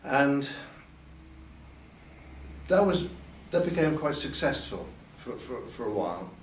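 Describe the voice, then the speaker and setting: A man's voice: mid-range voice, very animated, slow, a little hiss or hum. An older man recalling his past in a candid interview, hesitant and repeating words as he goes. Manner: hesitant, repeats words, quotes others in a lifted voice. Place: event venue. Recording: roomy sound from a distant mic, faint ambience.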